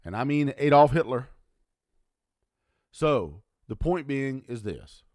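Guy ranting on his podcast, mad and cussing, voice jumps way up and drops low, dead dry close mic. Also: lively intonation, slow, dry recording. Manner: angry, profane, swinging from low mutters to loud outbursts. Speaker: podcast host. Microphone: audio only, close mic.

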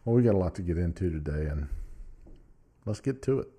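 A man's voice: low-pitched, lively intonation, a little fast, very noisy. A man hosting his own show, giving blunt, casual opinion commentary straight to the viewer and reading search results aloud. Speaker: podcast host.

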